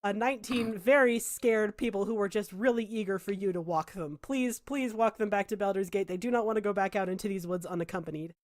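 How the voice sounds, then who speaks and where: A woman's voice: medium pitch, a little fast, few pauses, dry recording. A woman narrating as game master in a tabletop game, chatty and full of "uh"s. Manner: chatty, hesitant with fillers.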